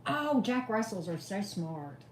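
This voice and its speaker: A woman's voice: medium pitch, sing-song, a little slow, slight background noise. A woman hosting a casual tarot live stream, chatting with viewers and coaxing her dog with sing-song calls. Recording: roomy echo.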